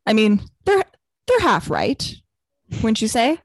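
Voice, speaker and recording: A woman's voice: on the high side, huge pitch swings, dry recording, studio quality. A woman hosting a casual podcast, teasing and bossy with her guest. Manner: teasing, bossy, quick-witted. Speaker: podcast host.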